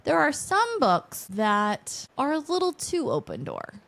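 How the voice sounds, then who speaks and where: Woman, 40s, co-host; casual, animated, rambling chat. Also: sits high, a little slow, gravelly. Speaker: podcast co-host.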